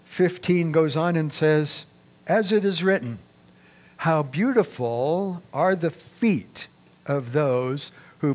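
Male pastor, sermon delivery, slightly high voice, slow measured reading of scripture. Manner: reads scripture aloud with raised emphasis; deliberate, measured preaching.

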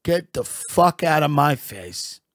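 A callous father at a bar waves off his family in an offhand, dismissive tone, as a comedian quotes him. The voice is slow and a bit high, and the mic is close and dry. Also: big pitch swings, no room sound, heavily acted. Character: callous barfly father, middle-aged man.

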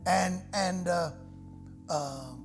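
Speaking very slowly, a middle-aged pastor with a slightly high voice preaches from the pulpit in a church sanctuary. His delivery swings between quiet, prayerful murmurs and ringing shouts, while organ music and other instruments sound clearly under this live recording.

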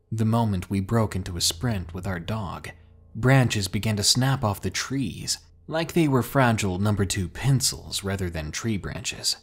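A man narrating scary stories in a dramatic, drawn-out way, pausing for suspense. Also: fairly low pitch, breathy edge. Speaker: horror story narrator. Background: faint music.

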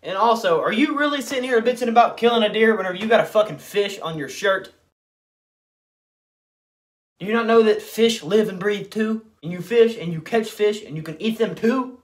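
A man's voice: sits high, moderate pace. A man ranting in a brash, sarcastic and profane comedic style. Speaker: comedy commentator. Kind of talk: comedic rant.

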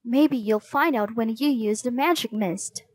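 A woman's voice: fairly high pitch, a little slow, a little mellow, no room sound. An eager young boy speaks in a raised, earnest voice, as a woman reading a storybook puts him on. He sounds urgent and determined. The recording is close and dry.

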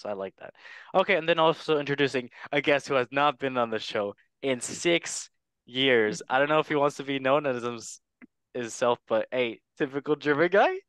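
A man's voice: mid-range voice, clean tone, no room sound. Playful man hosting a sports chat. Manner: playful, jokey, swings between loud and quiet asides. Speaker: host. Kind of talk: casual comedic sports chat.

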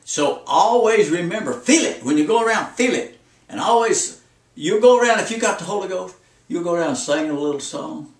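A man's voice: high voice, lively intonation, brisk, echoey room, far from the mic. A man, preaching a folksy, repetitive sermon on joy and driving out devils. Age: 70s.

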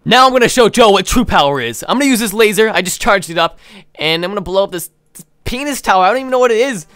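A young man hosting a modded game, chatting excitably to viewers and slipping into playful villain role-play. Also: high-pitched, fast talker, clean tone, no room sound. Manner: excitable, keeps addressing viewers as guys. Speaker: gaming channel host.

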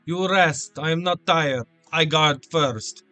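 A man doing a stern soldier with a mock Russian accent, dragging out his clipped broken-English words at a slow, heavy pace. The voice sits a little higher and brighter than an everyday speaking voice. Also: faint music behind.

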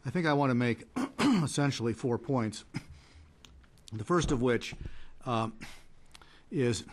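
On a conference panel, a man advocating for trade policy speaks in a measured, hesitant way, often restarting and using fillers. His pitch is medium, and there's a bit of background noise.

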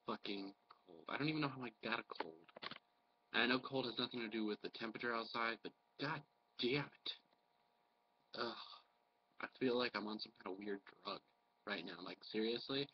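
A man's voice: medium pitch, fairly quick, pauses often, lo-fi sound, slight background noise. Blunt profane man with a cold. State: has a cold. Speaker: vlogger. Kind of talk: casual ranting vlog.

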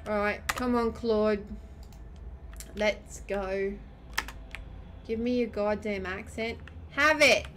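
A woman's voice: medium pitch, takes it slowly, long pauses, fairly bright tone, a little hiss or hum. A woman streaming gameplay, ranting and swearing at the game as she plays. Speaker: gamer streamer. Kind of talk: gameplay commentary.

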